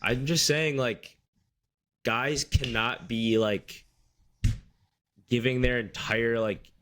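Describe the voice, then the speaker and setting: A man's voice: medium pitch, steady tone, takes it slowly, a bit bright. A man in his twenties from the Midwestern US, co-hosting a podcast in casual chat. He talks loosely and hedges, with lots of "like" fillers. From Midwestern United States. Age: 20s. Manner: loose, hedging, full of "like" fillers. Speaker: podcast co-host.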